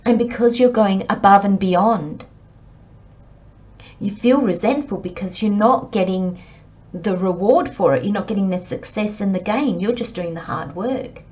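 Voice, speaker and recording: A woman's voice: mid-range voice, normal speed, a little mellow, highs cut off. A woman giving a channelled tarot reading, talking earnestly and emphatically straight to the listener. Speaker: tarot reader.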